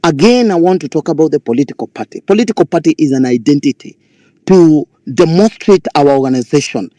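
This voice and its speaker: A man speaking up in a live online discussion, making a forceful rally-like political speech and arguing back when interrupted. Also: a little high, expressive, brisk, dry recording. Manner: rally-like, forceful, repeats himself, argues back when cut off. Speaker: caller in a live audio space.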